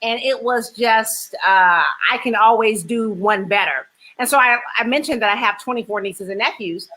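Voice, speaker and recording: A woman's voice: on the high side, normal speed, pushed and bright, poor audio. A woman hosting an interview, talking in an earnest, reflective way. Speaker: host. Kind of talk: casual interview chat.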